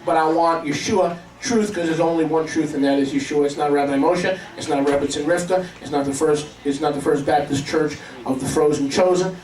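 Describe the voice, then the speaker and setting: A man's voice: fairly high pitch, a little fast, few pauses, a little mellow. A man preaching a sermon to a congregation, emphatic and calling for responses. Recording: echoey room, mic at a distance.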